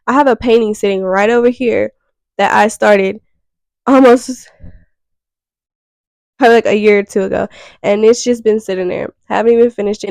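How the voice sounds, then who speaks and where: A young woman talks straight to the camera in a frank, rambling self-reflective monologue. Her voice has a gravelly edge, and it sounds dry and close with no room around it. She swears casually as she thinks out loud. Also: fairly high pitch, no echo, low-quality recording. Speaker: vlogger.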